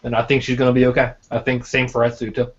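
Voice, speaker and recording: A man's voice: mid-range voice, monotone, fast. Man, podcast co-host, stammers, casual chat, dull lo-fi sound. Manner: stammering, repeats words. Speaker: podcast co-host, tabletop game player.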